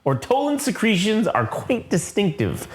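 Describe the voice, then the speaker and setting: A man's voice: high-pitched, huge pitch swings, normal speed, voice pushed up. A man doing a prim elderly alien inspector. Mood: precise. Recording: echoey room.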